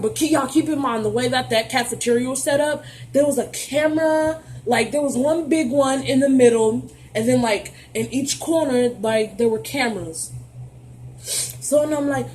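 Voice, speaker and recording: A young adult woman telling a storytime vlog in an animated, profane, sassy way, talking straight to her viewers. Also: on the high side, normal speed, slight background noise. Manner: playful, addresses viewers directly. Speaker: vlogger.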